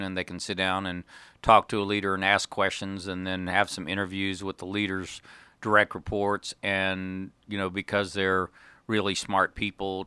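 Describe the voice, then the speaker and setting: A man's voice: low voice, sharp tone, smooth, no echo. A man hosting an interview, asking probing, conversational questions. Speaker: interview host. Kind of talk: interviewing a guest.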